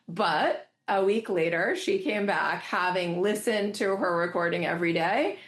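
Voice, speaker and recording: A woman's voice: fairly low pitch, unhurried. A woman therapist co-presenting a webinar, telling a clinical case fluently and explaining it. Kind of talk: webinar teaching.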